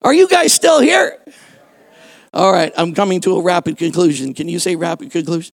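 A pastor preaching a sermon to a church congregation, shouting to stress points and firing questions at the listeners. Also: male voice, sits high, expressive, moderate pace, creaky, dry recording. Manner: fervent preaching with shouted emphasis and rhetorical questions.

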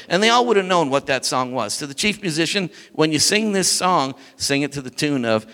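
A man preaching a sermon as pastor, animated and building to shouts as he reads scripture. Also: fairly high pitch, a little fast, few pauses. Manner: dynamic preaching, rising to shouts when reading scripture. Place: church sanctuary. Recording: church hall reverb.

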